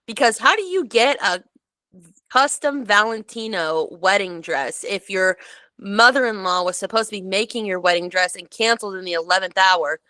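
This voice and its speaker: A woman co-hosting a podcast in relaxed conversation. Her voice is bright and forward, recorded dry and close with no room sound. She talks in an animated way, peppered with "like" and "um". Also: medium pitch, moderate pace, no room sound. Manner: animated storyteller, many "like"s and "um"s. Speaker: podcast co-host. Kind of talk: casual chat.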